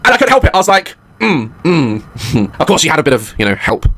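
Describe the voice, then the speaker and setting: Fast, animated man ranting. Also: on the high side. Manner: animated, swearing, laughing. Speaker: comedian, podcast host. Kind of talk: comic storytelling rant.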